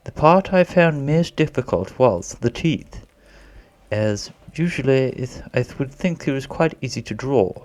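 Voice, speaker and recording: A man's voice: mid-range voice, darkish tone. A man narrating a drawing tutorial as a voice-over in a put-on posh British accent, rambling and a bit self-conscious, as if winging it.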